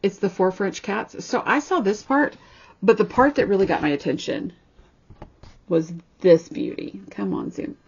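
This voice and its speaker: A chatty woman vlogger who gushes over her craft finds and drops snarky asides. Her voice is gravelly and husky. The sound is a bit dull and lo-fi, like a home camera mic. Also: medium pitch, big pitch swings, moderate pace. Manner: chatty, gushing, snarky asides, frequent restarts. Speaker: cross-stitch vlogger. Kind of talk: casual show-and-tell chat.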